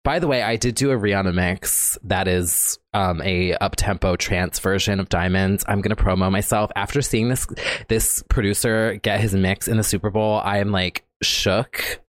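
A man co-hosting a podcast in casual chat, giggly and gushing, with quick asides. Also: on the low side, fairly even intonation, no room sound, studio quality. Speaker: podcast co-host.

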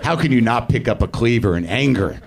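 A man's voice: medium pitch, expressive, brisk, gravelly, a faint crowd. A man hosting a live comedy podcast, rambling through a profane, self-deprecating monologue on stage. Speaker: podcast host. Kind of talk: live stand-up-style monologue.

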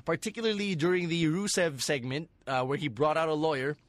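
A man's voice: fairly high pitch, brisk. A man co-hosting a casual wrestling podcast, blunt and free with swear words. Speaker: podcast co-host.

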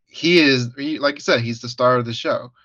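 A man's voice: mid-range voice, moderate pace, fairly bright tone, no echo, muffled recording. A man co-hosting a casual movie review podcast, hesitant and laughing often. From United States. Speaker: podcast co-host.

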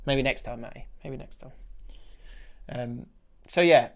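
A man's voice: mid-range voice, measured pace. A man co-hosting a football podcast, chatting casually and laughing as he reads listener messages aloud. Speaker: podcast co-host. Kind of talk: casual chat.

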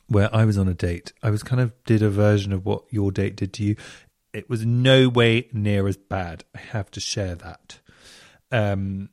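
A man hosting a radio show, chatting with listeners in an animated, camp way. His low voice swoops far up into squeals of surprise and then drops to a murmur. The sound is close and dry. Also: dry recording. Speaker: radio host reading listener stories. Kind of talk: casual chat.

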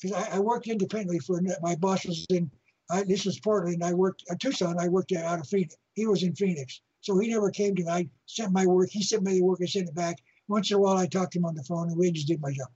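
A man speaks as an interview guest, spinning a long story in a husky, slightly rough voice. He often repeats and restarts his phrases as he goes. The recording is muffled and lo-fi. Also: high voice, steady tone, quick pace, mellow. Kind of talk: telling an anecdote in an interview.

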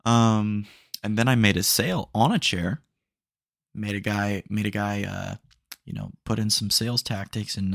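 A man's voice: lowish voice, vocal fry, fairly bright tone, no echo, clean studio sound. A young man hosting a casual solo podcast, telling rambling stream-of-consciousness stories and often saying dude. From Texas. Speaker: podcast host.

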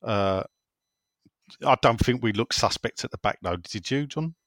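A man's voice: medium pitch, lively intonation, unhurried, fairly bright tone, no room sound. A man hosting a casual football chat show, reading out listener messages with wry, teasing asides and frequent self-interruptions. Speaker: football phone-in host.

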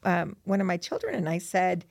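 A middle-aged woman chats through a scripture lesson, her voice carrying a gravelly edge. She tells stories with animation and slips into a steady, measured cadence when she recites verse. The recording is dry and close. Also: lowish voice, no room sound. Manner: animated storyteller who reads a poem with steady, measured delivery. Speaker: podcast co-host. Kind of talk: casual gospel-lesson chat and poem recitation.

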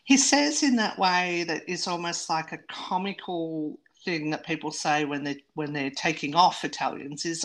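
A woman's voice: low voice, moderate pace, hardly any pauses. A woman co-hosting a podcast, giving frank, opinionated film criticism in casual chat. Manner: opinionated, critical, laughs easily. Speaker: podcast co-host.

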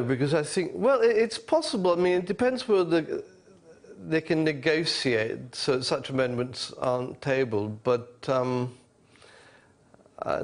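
A man's voice: mid-range voice, vocal fry. Wry, hesitant male professor as a guest. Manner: hesitant, wry, with chuckles and "um" restarts. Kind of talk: political interview.

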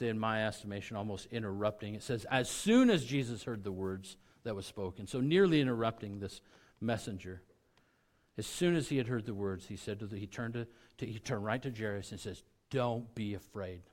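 A man preaching to a congregation, relaxed and conversational. He restarts his sentences and talks straight to the people in front of him. His delivery swings between quiet, low passages and sudden loud bursts of emphasis. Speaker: pastor. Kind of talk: sermon.

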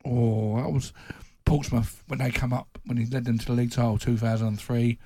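A man's voice: medium pitch, flat delivery, fairly quick, mellow, no room sound. A man, a football journalist, telling anecdotes in casual chat and laughing at his own impressions.

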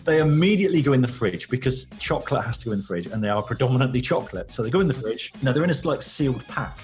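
Guy, deadpan detailed story, kinda sly. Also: medium pitch, racing, faint music behind. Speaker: guest. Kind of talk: recorded casual anecdote.

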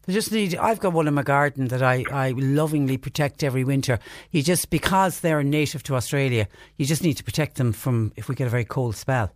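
A man's voice: mid-range voice, brisk, dry recording. Irish male radio host, dry studio sound. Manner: reads listener texts aloud, chatty and digressive. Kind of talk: casual radio phone-in chat. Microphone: studio microphone.

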